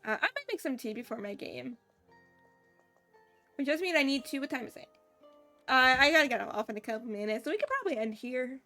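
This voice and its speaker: A woman's voice: high-pitched, big pitch swings, brisk, long pauses, sharp tone, soft background music. A woman streaming a video game, chatting casually and reading the dialogue aloud, with a sore throat. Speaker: gameplay streamer. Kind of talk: casual let's play commentary.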